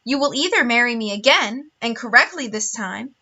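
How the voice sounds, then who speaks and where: A woman's voice: a little high, animated, normal speed, bright, forceful tone, full character voice. A woman reading aloud voices a scheming, greedy villainous count who talks in an insistent, menacing way. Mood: threatening.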